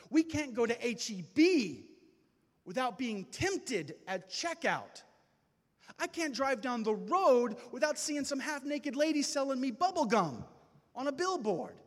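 A man giving an impassioned testimony sermon to a gathering, preaching with slow dramatic pauses. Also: very high-pitched. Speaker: speaker at a men's gathering. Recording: reverberant hall.

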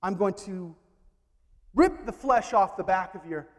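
A man voicing a cruel, mocking male devil who tempts in hushed tones and then taunts. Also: high voice, expressive, measured pace, in a large hall. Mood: taunting, cruel.

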